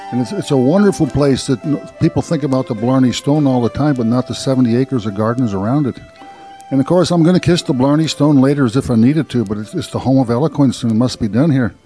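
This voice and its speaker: Brief: male radio host, mellow tone, folksy and joking, gardening show on location. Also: medium pitch, a little fast, soft background music. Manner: folksy, jokey, self-deprecating. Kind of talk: radio interview and presenting. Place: outdoor castle gardens.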